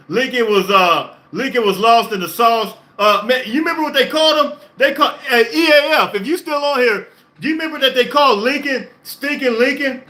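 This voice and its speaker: An excited man hosting a sports reaction stream, talking emphatically, repeating himself and laughing often. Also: extremely high pitch. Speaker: podcast host. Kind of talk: live-stream sports reaction, reading chat.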